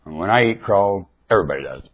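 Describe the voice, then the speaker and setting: Husky man ranting into a webcam. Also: lively intonation, fast talker, highs cut off. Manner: lurches between shouted high outbursts and low muttering asides; hammers rhetorical questions at the listener. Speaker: webcam monologuist. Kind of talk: preachy ranting monologue. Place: at home in front of a webcam. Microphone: webcam microphone.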